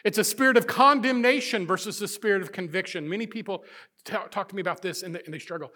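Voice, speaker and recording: Pastor guy preaching, fairly high voice, goes from loud to real quiet. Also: animated, moderate pace. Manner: dynamic preaching, swinging from loud to hushed. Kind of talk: sermon.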